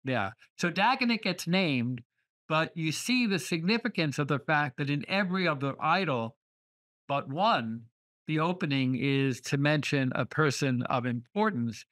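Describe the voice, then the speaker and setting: A man lecturing on poetry over a video call. He talks at an unhurried, measured pace, leaning on words as he reads lines aloud. His tone is bright and forceful. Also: a little high, expressive. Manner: deliberate, reads verse aloud with careful emphasis. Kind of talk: online literature lecture.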